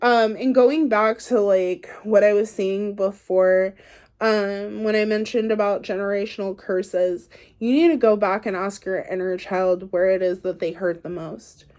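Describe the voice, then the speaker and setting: Tarot reader, woman, warm low-key tone, chatty and reassuring, addresses the viewer directly. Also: steady tone, a little slow. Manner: chatty, encouraging, talks straight to the viewer; loose and playful, says "like" and "y'all". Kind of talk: casual spiritual card reading to camera.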